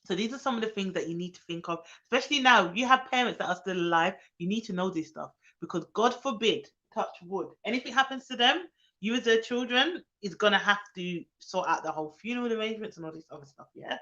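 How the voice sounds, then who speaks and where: A young woman, a nanny, chatting casually on her live stream, reading viewers' comments aloud and greeting them with excited bursts. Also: mid-range voice, quick pace. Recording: dull lo-fi sound.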